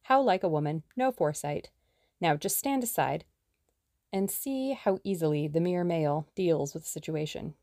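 A woman's voice: low-pitched, moderate pace, warm tone, dry recording, studio quality. A woman voicing a cocky young male sleuth. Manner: breezy, self-assured and teasing. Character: confident, jaunty young man sleuth. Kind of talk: audiobook character reading.

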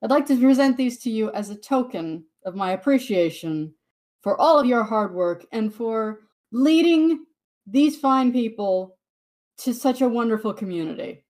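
A woman voicing a courteous male envoy in a tabletop game, speaking in polite, measured, flattering terms. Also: on the high side, pitched above the performer's own voice.

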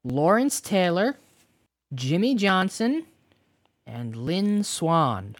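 A blunt, teasing co-host who steers the show from bit to bit. Delivery is casual and quick to poke fun. The recording is close and dry, with no room sound. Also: mid-range voice, sing-song, no room sound. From Canada (Toronto). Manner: teasing, blunt, runs the segments. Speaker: podcast co-host. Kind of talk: casual podcast banter.

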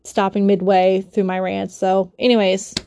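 A woman's voice: mid-range voice, level tone, unhurried, vocal fry, warm tone, slight background noise. A young woman with a cold and a stuffy nose, ranting emotionally in a personal vlog, swearing and rambling with many fillers and restarts, recorded on a phone or built-in mic. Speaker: vlogger.

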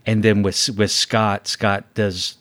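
A young adult man co-hosting a podcast, talking casually with halting starts and restarts. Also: lowish voice, little pitch movement, fairly bright tone, dry recording. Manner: hesitant, stammering restarts. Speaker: podcast co-host. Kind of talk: casual chat.

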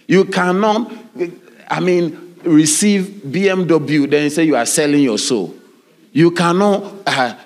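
A man preaching a sermon as pastor, animated, with sudden high shouts and laughing asides.

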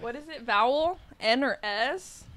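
A woman's voice: a little high, expressive, measured pace, over a noisy crowd. A young woman co-hosting a podcast, chatting casually and animatedly with friends, swearing and laughing. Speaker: podcast co-host. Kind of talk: casual chat.

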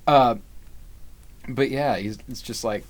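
Man, podcast co-host, casual episode recap, lively swooping pitch, quick to laugh, swears freely.

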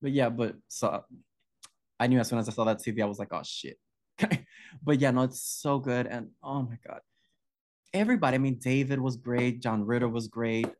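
A man's voice: medium pitch, moderate pace, a little mellow. A male podcast co-host chatting about horror films, effusive and gushing, often breaking off mid-sentence.

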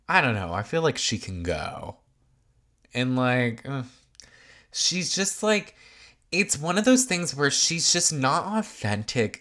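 A man's voice: lowish voice, a bit bright. A man casually recapping a reality TV episode, chatty and opinionated, with lots of filler words.

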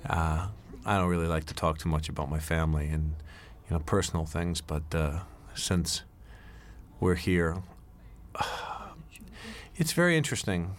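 Low-voiced man rambling through commentary. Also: measured pace. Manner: rambling, anecdotal, many fillers and restarts. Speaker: film director. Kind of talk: DVD commentary.

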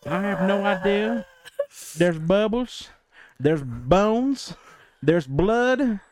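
A wry male dinosaur cracks deadpan jokes, as a man acts him out. His voice runs high and lively, and the recording is dry and close, for a comedic fan dub. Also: very slow, dry recording, full character voice. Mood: jokey. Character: deadpan male dinosaur friend just out of surgery.

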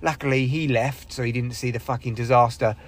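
Fairly quick, medium-pitched and steady in tone, the young stand-up talks alone on a casual podcast, wandering off on tangents, swearing and belittling himself. Acting out other people, he makes big vocal leaps.

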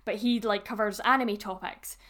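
A young woman, co-hosting a podcast and telling stories in an animated, excitable way. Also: medium pitch, moderate pace. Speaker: podcast co-host. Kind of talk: casual chat.

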